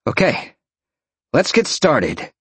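A man's voice: a little high, wildly swooping pitch, slow pace, fairly bright tone, husky, no echo, pitched above the performer's own voice, heavily acted. A man voicing an earnest young were-lion. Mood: firm. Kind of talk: audiobook narration.

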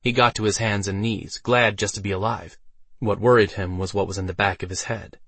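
A man narrating a fantasy audiobook with steady storytelling delivery. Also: on the low side, fairly quick, husky, no echo.

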